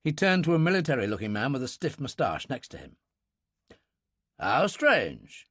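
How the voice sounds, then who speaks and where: A man narrating a thriller audiobook in a brisk, expressive storytelling manner. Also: medium pitch, no room sound, clean studio sound.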